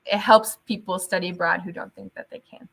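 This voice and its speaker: Bright-voiced woman telling lively stories. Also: lowish voice, a little fast, gravelly, breathy edge. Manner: animated storytelling, laughs often, switches into Spanish. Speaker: teacher guest. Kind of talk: casual interview chat.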